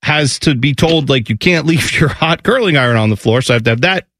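A man's voice: fairly high pitch, lively intonation, brisk, a bit bright, dry recording. A man hosting a morning radio show, telling a funny family story with lots of laughter and acted-out voices.

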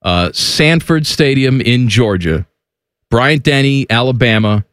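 A man's voice: medium pitch, expressive, unhurried, a bit bright, clean tone, no room sound, clean studio sound. A man co-hosting a sports talk show, emphatic and opinionated with mock outrage. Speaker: co-host.

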